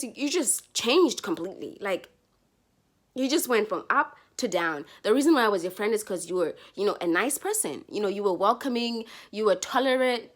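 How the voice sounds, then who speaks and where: Young woman, lively sing-song voice, hypes people up then drops low, lots of likes. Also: moderate pace. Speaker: vlogger. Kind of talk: casual advice talk to camera.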